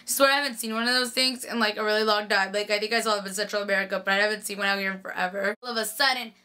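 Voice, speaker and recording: A woman's voice: mid-range voice, steady tone, very fast, pushed and bright, clear, resonant tone. A young woman chatting casually through a TV episode recap, gushing and full of "like". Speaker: TV recap vlogger.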